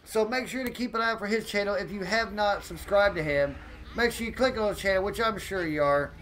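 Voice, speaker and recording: A man live-streaming a police game, joking loudly and thanking viewers by name. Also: high-pitched, brisk, a little hiss or hum, rough recording.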